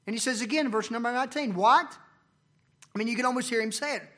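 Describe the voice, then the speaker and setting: Male preacher, high-pitched, dynamic delivery with big loud-to-soft swings. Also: fast. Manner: preaching with sharp swings from loud emphasis to near-murmurs. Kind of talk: sermon. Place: church.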